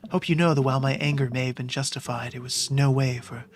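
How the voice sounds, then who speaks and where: A man voicing a formal, courteous male goth gentleman dad with pompous, elaborately polite speech. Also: mid-range voice, fairly even intonation, fast, background noise, natural voice. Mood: courtly. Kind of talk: video game voice acting, read aloud.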